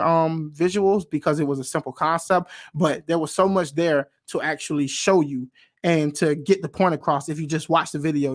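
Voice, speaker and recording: An animated man hosts a reaction video in a relaxed commentary style, with a speaking voice that sits a little high. He leans into his points, repeating words for emphasis and reaching for a preacher's call and response. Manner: emphatic, repeats phrases for stress. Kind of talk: casual commentary.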